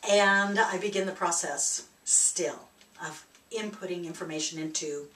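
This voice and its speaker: A woman telling a reflective personal story as a spiritual speaker, animated and laughing as she goes. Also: lowish voice, measured pace, slight background noise. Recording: echoey room, distant mic.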